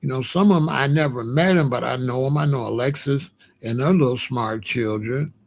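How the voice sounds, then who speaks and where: A man in his sixties hosting a livestream, chatting casually to his live chat in a slow, repetitive, drawling way. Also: mid-range voice, creaky. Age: 60s. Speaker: livestream host.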